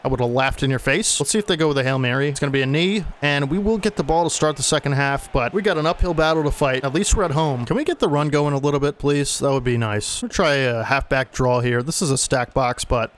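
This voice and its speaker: A man's voice: mid-range voice, fast talker, hardly any pauses, slight background noise. A young man calling his own video game football plays in casual play-by-play commentary, growing agitated and exasperated at bad plays. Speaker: gaming channel host. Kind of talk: play-by-play commentary over gameplay.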